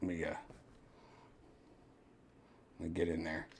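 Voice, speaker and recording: A man's voice: low-pitched, completely flat delivery, measured pace, gravelly, a little hiss or hum. A man hosting a podcast, giving casual, exasperated reaction commentary and swearing often. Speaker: podcast host.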